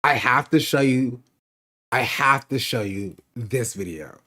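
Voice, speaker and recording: A man's voice: mid-range voice, measured pace, bright, forceful tone. A man hosting a stream, chatting casually with laughing asides. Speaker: streamer host.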